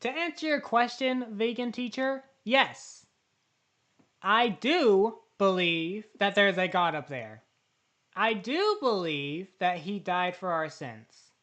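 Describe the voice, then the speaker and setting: Animated indignant woman reacting to a clip. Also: medium pitch, slow pace. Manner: indignant, talks back to the clip. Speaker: reaction channel host. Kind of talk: casual reaction commentary.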